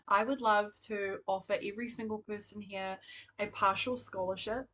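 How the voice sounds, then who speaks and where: Brief: New woman, spiritual coach on a live stream, soft and earnest, mid pitch. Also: poor audio. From New Zealand.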